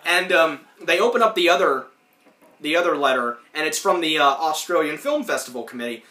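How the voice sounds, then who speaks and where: Bright-voiced man recapping a cartoon. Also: a little high, expressive, fairly quick, roomy sound, recorded from a distance. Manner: rambling, acts out lines in put-on voices. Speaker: podcast host. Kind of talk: casual recap of a cartoon episode.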